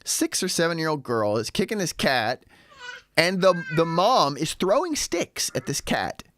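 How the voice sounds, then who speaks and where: Animated rambling man vlogger. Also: fairly high pitch, unhurried, a little hiss or hum. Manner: lively, rambling, with sarcastic asides. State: a little tipsy. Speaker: vlogger living in Shanghai. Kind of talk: casual storytelling monologue.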